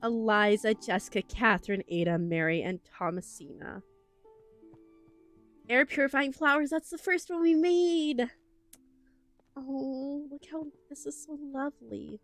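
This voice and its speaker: A woman's voice: high-pitched, measured pace, a bit bright, faint music behind. A young woman streaming a game, chatting casually to viewers in a gushing, emotional way with lots of fillers, close on a desk microphone. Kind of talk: casual livestream chat while playing.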